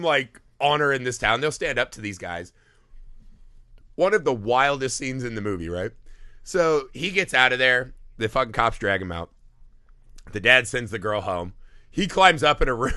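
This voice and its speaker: A man's voice: medium pitch, expressive, normal speed, bright, forceful tone, no room sound, clean studio sound. A man co-hosting a movie podcast, telling the story in casual, profane chat and acting out the characters' lines. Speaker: podcast co-host.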